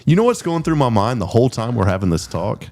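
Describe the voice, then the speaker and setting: A middle-aged man hosting a talk show, telling rambling stories in a casual, animated way. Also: medium pitch, quick pace. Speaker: host. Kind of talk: casual storytelling.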